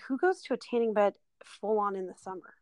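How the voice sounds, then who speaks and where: A woman hosting her own podcast in casual chat, excitable and rambling, dropping lots of "like"s and the odd swear word. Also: medium pitch, fairly quick, no room sound. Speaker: podcast host.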